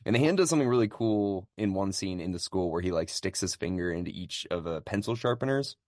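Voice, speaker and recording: A man's voice: deep voice, expressive, fast talker, a little mellow, dry recording, studio quality. A man co-hosting a podcast, recapping movie scenes in a casual, chatty way and acting out quotes. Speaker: podcast co-host.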